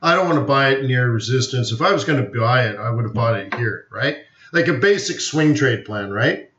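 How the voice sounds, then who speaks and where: A man's voice: mid-range voice, animated, brisk, a bit bright, a little hiss or hum. A man hosting a live forex webinar, rambling casually with opinions and jokes. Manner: rambling, opinionated, jokey, many fillers. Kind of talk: casual live-stream commentary. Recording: roomy, dull lo-fi stream audio.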